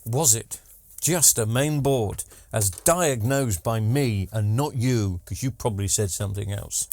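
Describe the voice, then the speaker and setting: A man with a lowish, darkish voice speaks at a measured pace in a recording free of echo. He's a TV repair vlogger rambling through a chatty workshop video, with joking asides and frequent ums.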